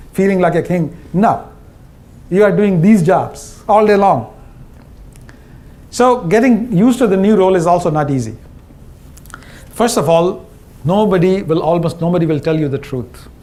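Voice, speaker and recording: A middle-aged man with an Indian English accent speaks from a conference stage, his voice sitting noticeably high for a man. His delivery is wry and punchy, and he slips into the voices of the people he describes. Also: a little mellow. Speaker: speaker, former CEO. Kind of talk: humorous conference talk.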